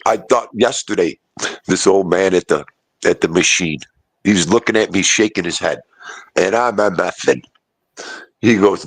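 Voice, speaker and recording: A man chatting casually on a phone call, telling animated stories and cursing often. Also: low-pitched, normal speed, long pauses, no echo. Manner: gruff, animated storytelling with cursing. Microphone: phone line.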